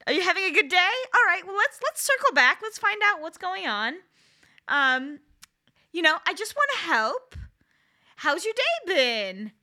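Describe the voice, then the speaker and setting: Woman doing a super perky phone-agent voice, high and sugary, way too upbeat. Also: big pitch swings, unhurried, bright, forceful tone, full character voice. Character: chirpy overeager female customer service agent.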